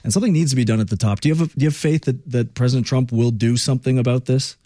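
A man's voice: mid-range voice, fairly even intonation, racing, dark tone, no room sound. A male podcast host speaking heatedly and indignantly in an interview. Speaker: show host.

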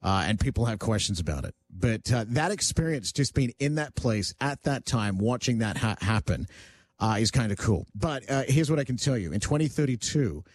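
A man's voice: medium pitch, lively intonation, moderate pace. An Australian man in his forties hosting a casual radio chat, rambling and joking with lots of "uh" fillers. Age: 40s. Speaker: radio host.

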